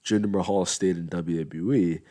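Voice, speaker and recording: A man's voice: low voice, fairly even intonation, moderate pace, dark tone. A young man hosting a casual wrestling commentary show, rambling and conversational, yawning now and then. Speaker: wrestling podcast host.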